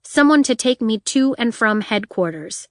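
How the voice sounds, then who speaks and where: A woman voicing a wary young female inventor with a deadpan, wry way of talking. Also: on the high side, moderate pace, no echo, clean studio sound.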